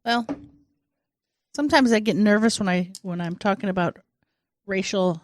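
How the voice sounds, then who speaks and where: A woman's voice: medium pitch, normal speed, dry recording. Outspoken, opinionated woman podcast co-host. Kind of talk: casual chat.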